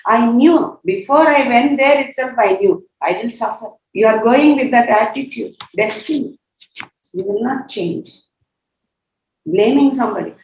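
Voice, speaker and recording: A woman, a religious sister, giving a spiritual retreat talk, emphatic, repeating key words and asking rhetorical questions. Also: fairly high pitch. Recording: echoey, slightly dull recording.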